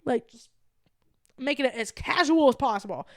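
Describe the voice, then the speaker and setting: A young adult woman co-hosting a podcast, telling an animated story in casual chat and acting out the quoted lines. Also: sits high, moderate pace, no room sound, clean studio sound. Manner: animated, acts out quoted dialogue. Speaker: podcast co-host.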